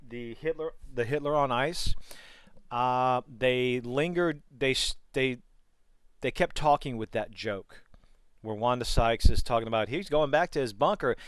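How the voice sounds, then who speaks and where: A man co-hosting a casual podcast chat over a headset, talking in animated, profane bursts with lots of restarts. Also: mid-range voice, a little slow, smooth, dry recording. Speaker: podcast co-host.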